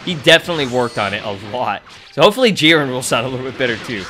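Young man, gameplay commentary, excitable, swears a lot, very lively pitch, faint music behind. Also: racing. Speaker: gaming YouTuber.

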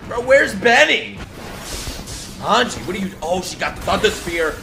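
A man giving casual, excitable commentary while reacting to an anime, swearing, laughing and exclaiming often. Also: high voice, normal speed, creaky, over music. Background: anime soundtrack playing.

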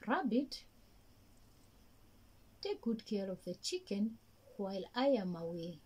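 A woman voicing a kindly little man in a children's story, gentle and instructive. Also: medium pitch, very animated, slow, slightly rough, heavily acted.

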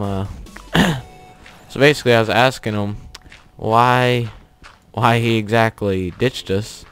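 A man's voice: lowish voice, slight background noise. A young man hosting a gaming channel, telling a story in a rambling, offhand way with chuckles while he plays. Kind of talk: casual commentary over gameplay.

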